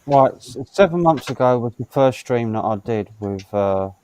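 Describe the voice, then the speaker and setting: A man streamer in casual banter, talking haltingly with many fillers. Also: medium pitch, animated, a crowd in the background.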